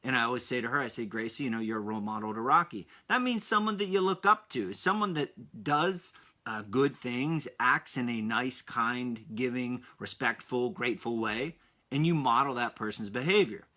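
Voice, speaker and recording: A sharp-toned, mid-range voice at normal speed belongs to a podcast host in his thirties whose show is for kids. His delivery is lively and eager, aimed directly at his young audience.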